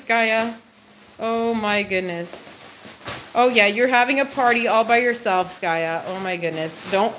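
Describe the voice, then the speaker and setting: A woman hosting a casual livestream, who talks to her dog in a high sing-song voice, drops low for asides and exclaims and laughs often. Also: a little hiss or hum.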